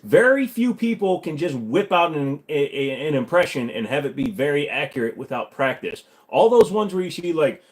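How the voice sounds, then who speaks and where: A man's voice: on the high side, big pitch swings, low-quality recording. Stuffy-voiced man joking through a Q&A. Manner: joking, rambling, quick asides. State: stuffy, congested voice. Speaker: streamer hosting a Q&A. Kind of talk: casual livestream chat.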